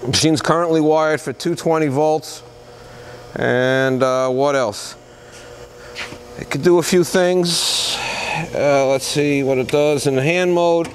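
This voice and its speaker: A man with a slightly raised pitch talks through an unscripted machine demo on an indoor shop floor. He is plain-spoken and halting, and fills his pauses with "uh" and "um". A faint hum sits under his voice. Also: fairly even intonation. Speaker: used machinery dealer. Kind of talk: unscripted product demonstration.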